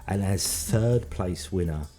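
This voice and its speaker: A stern police inspector, read by a man in a party mystery game. He presses with blunt, probing questions in a very deep, dark voice. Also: unhurried, faint music behind.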